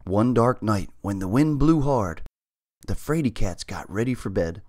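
A man hosting and reading a children's story aloud in a lively, expressive way. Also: on the low side, a little slow, no echo, clean studio sound. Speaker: storybook reader and host.

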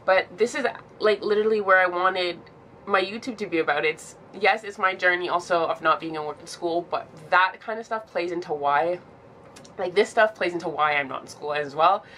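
A woman in her twenties talks through a personal vlog, emotional and close to tears, halting and restarting with many "like"s. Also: lowish voice, a bit bright, a little hiss or hum. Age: 20s. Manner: halting, fills with "like", restarts often. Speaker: vlogger.

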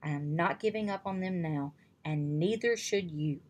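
A woman's voice: fairly low pitch, moderate pace, a little mellow, natural voice. A woman reading aloud, voicing a stern king who gives firm orders to a crowd in a storybook. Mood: commanding. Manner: firm, commanding proclamation. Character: stern older male king addressing his people.

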